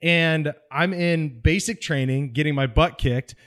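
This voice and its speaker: A man from California, a military veteran guest on an interview podcast, telling his story in an animated way with frequent laughs. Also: on the high side, a little slow. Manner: animated, acts out voices in anecdotes, laughs often.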